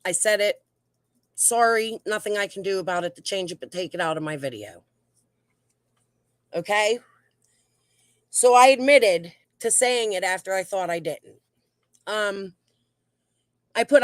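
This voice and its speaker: A woman's voice: mid-range voice, unhurried, pauses often, no echo, studio quality. Aggravated woman venting. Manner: aggravated, defensive, rambling with restarts. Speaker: YouTube channel host. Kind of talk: heated commentary reading out messages.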